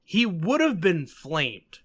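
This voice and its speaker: A man's voice: sits high, huge pitch swings, slow pace, husky. A man with a New York accent hosting a podcast, chatting casually with emphatic, sarcastic asides. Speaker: podcast host.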